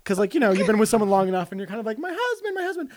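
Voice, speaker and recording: A man's voice: high voice, big pitch swings, rapid-fire, dry recording. A man playing a vain, dramatic female film star in an improvised comedy podcast, gossipy and over the top, talking over an online call.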